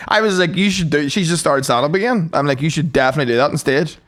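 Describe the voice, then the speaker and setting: A man's voice: a little high, fast, fairly bright tone, a little hiss or hum. A young man co-hosting a podcast, chatting casually and laughing often. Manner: giggly, laughs often, silly voices. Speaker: podcast co-host. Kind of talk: casual banter.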